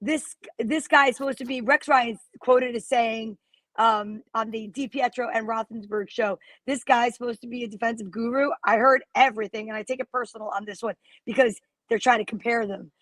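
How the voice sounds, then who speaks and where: Woman cohost, animated gossipy football chat, higher voice. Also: moderate pace, no room sound. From New Jersey. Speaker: co-host. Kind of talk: casual sports chat.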